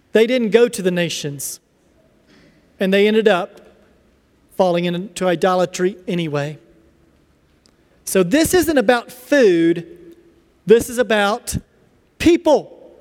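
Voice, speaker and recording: A man preaching a sermon in a church, reading scripture and explaining it in an animated way. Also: extremely high pitch. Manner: animated, acts out little dialogues. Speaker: pastor. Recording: long reverb of a large hall.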